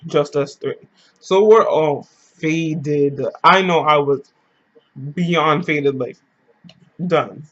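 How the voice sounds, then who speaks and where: Slangy storytelling man, slightly high voice. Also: extremely slow, pauses often, fairly bright tone, muffled recording. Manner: loose, slangy, rambling storytelling. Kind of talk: casual storytime vlog.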